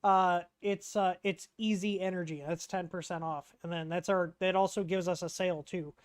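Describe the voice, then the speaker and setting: A man's voice: high-pitched, steady tone, moderate pace, smooth, no room sound, clean studio sound. A man hosting a casual livestream Q&A, rambling and chatty, reading out chat questions with lots of ums.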